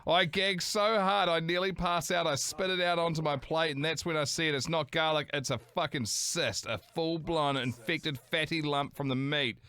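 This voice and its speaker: A man's voice: on the high side, fairly even intonation, normal speed, few pauses, sharp tone, clear, resonant tone. A man co-hosting a podcast, reading listener stories aloud with lots of swearing and dramatic flair. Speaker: podcast co-host.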